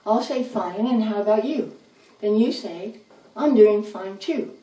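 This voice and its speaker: A woman voicing a patient, friendly male red rat who explains things gently, in a roomy, distant recording with faint noise. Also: medium pitch, animated, unhurried, close to an everyday voice.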